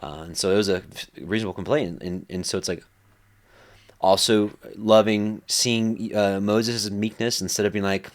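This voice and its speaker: A man's voice: on the low side, steady tone, moderate pace. A man leading a Bible study in a casual, conversational way, full of fillers and acted-out quotes. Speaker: Bible teacher.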